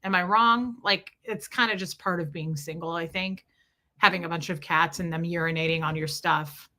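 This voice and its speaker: A woman's voice: fairly low pitch, fairly even intonation, normal speed, sharp tone. A woman chatting casually on a livestream, rambling from story to story and greeting viewers by name.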